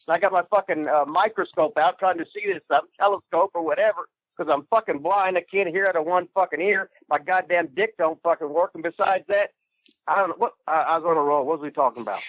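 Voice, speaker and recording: Guest spot: a high-voiced man who swears nonstop and rambles, phoned in on a dull line. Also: fast talker, a bit bright, no room sound. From Indiana. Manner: rambling, swears constantly, crude. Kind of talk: profane casual chat.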